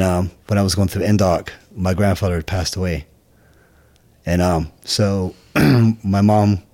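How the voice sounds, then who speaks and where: Deep-voiced Scottish man telling stories. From Scotland. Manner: halting, many restarts, low and quiet asides. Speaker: podcast guest. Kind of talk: casual storytelling interview.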